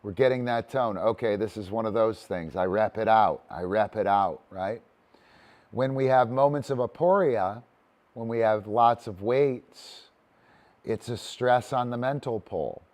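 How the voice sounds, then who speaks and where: A man's voice: lowish voice, measured pace, darkish tone. A man teaching a casual online disc dog training session, talky and loose, breaking into cheery cues to his dog.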